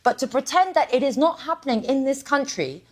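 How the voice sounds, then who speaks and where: A woman speaks forcefully as a guest on a televised debate, pushing back and talking over others. Her pitch is a bit high and swings widely. She comes in over a remote call. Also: expressive, brisk. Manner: forceful, interrupting, insistent.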